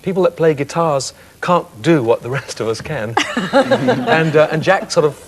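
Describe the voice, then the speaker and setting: A man in his fifties, a singer guest on a chat show, reflecting candidly on his career in a thoughtful, soft-spoken way. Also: on the high side, expressive, moderate pace, slight background noise.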